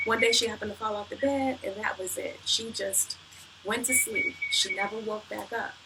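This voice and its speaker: A woman's voice: a little high, gravelly. A woman telling her personal story in an earnest, reflective way, often repeating phrases, as a motivational speaker. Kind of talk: personal testimony. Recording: distant mic with background noise.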